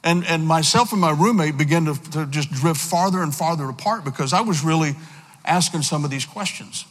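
A man giving a personal testimony in a church, telling his story earnestly with halting restarts. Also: fairly high pitch. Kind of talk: sermon testimony. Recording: long hall reverb.

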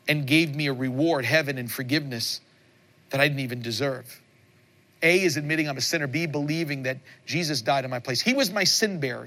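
A man's voice: fairly high pitch, sharp tone. A male pastor preaching a sermon and leading an altar call, earnest and repetitive, with stammered restarts.

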